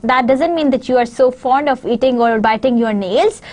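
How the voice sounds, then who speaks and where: A woman from Pakistan lectures on communication skills for a recorded course. Her voice sits high, and she explains each slide slowly, filling gaps with hesitant fillers. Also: a little mellow. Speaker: university lecturer.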